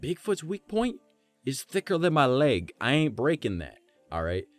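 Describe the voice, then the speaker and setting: A man streaming live, telling a story in a loose, profane, animated way and keeping the listener with him through repeated "right?" asides. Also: medium pitch, normal speed, no room sound, faint music behind.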